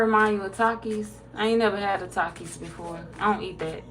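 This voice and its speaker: A woman tarot reader casually chatting with viewers on a livestream, reading their comments aloud, laid-back and quick to laugh. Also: mid-range voice, steady tone, soft background music.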